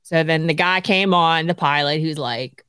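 A woman's voice: low voice, normal speed, clean tone, no echo. A woman in her forties, co-hosting a podcast, telling a story in casual chat, laughing often and acting out what others said. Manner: animated, laughing often, acts out quotes. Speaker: podcast co-host.

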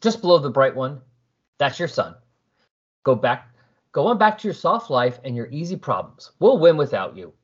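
A man's voice: mid-range voice, sing-song, normal speed, slightly rough, highs cut off. Man voicing a cold calculating alien leader. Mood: dismissive. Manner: cool, dismissive.

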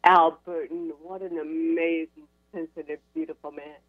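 American woman in her sixties, animated storyteller, laughs often, tinny dry phone line. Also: deep voice, moderate pace, no echo. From United States. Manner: animated, laughs between sentences. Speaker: guest, actress and comedian. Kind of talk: storytelling in a radio interview. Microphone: telephone.

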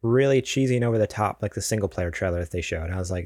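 A man's voice: on the low side, fast talker, a little mellow, a little hiss or hum. A man co-hosting a casual gaming podcast, rambling and hedging with lots of fillers. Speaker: podcast co-host. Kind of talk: casual chat.

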